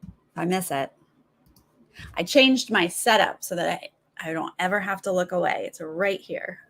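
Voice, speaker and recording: A woman's voice: on the low side, measured pace, fairly bright tone. A woman hosting a live stream, chatting casually with viewers and mimicking other people's voices in her stories. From Los Angeles. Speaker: live stream host reacting to a TV show.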